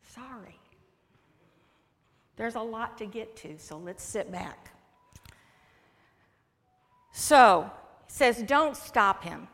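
Slow, animated woman preaching in an echoing hall. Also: fairly high pitch. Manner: conversational preaching with acted-out quotes. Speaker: pastor. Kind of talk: sermon. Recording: long echo of a large hall.

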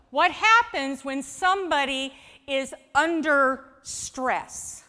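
Bright-voiced woman preaching in a reverberant hall. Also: fairly high pitch. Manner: conversational, coaxing, shifts between soft asides and lively emphasis. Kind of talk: sermon with a live object lesson.

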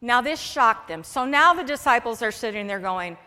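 A woman's voice: on the high side, lively intonation, normal speed, few pauses, pushed and bright. A woman pastor preaching a sermon in a conversational way, acting out quoted lines as she goes. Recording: long echo of a large hall.

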